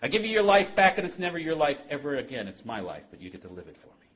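A man playing a fatherly God who strikes a hard deal with gentle authority. He moves between firm teasing and soft, tender warmth. The recording is muffled and lo-fi. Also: on the high side, sing-song, fast talker, pitched above the performer's own voice.

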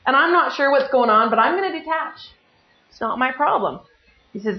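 A middle-aged woman giving a personal testimony at a recovery meeting, telling her story with lively self-mockery and acting out what people said. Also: high-pitched, normal speed. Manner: lively, self-mocking storytelling with acted-out quotes. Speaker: speaker sharing at a recovery meeting. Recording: echoey room, dull lo-fi sound.

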